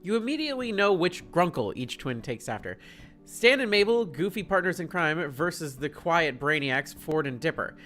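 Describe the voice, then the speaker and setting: Narrator, playful story reading, lively pitch. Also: moderate pace, faint music behind. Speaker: narrator and streamer. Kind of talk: reading a fan story aloud.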